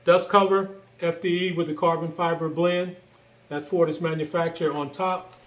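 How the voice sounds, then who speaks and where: A man casually walking through the parts of his build, relaxed and enthusiastic, with frequent fillers. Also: on the high side, normal speed, reverberant. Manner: relaxed, filler-heavy, enthusiastic about gear. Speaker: gun build reviewer. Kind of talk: casual show-and-tell walkthrough.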